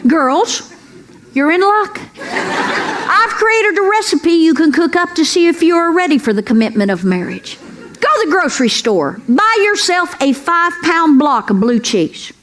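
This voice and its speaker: Audience laughter and room noise surround a middle-aged woman performing live stand-up at a comedy club. Folksy and sassy, she calls the crowd "girls" and asks for amens. Her pitch is extremely high, her delivery very animated and measured, her tone fairly bright.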